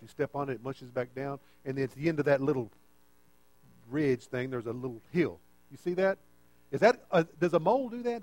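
A man's voice: a little high, a little mellow, no echo. A man preaching a conversational sermon and often checking in with the listeners.

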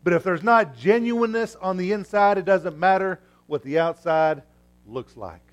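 A man preaching a sermon in a fairly high voice. He tells a story, acts out the voices in it and swings from hushed asides to loud bursts. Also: normal speed, soft background music. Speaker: pastor.

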